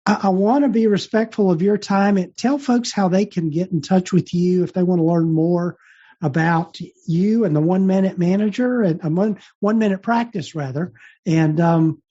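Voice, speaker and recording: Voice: mid-range voice, expressive, moderate pace, dark tone, husky, highs cut off. A podcast host politely wrapping up an interview and inviting the guest to share contact details.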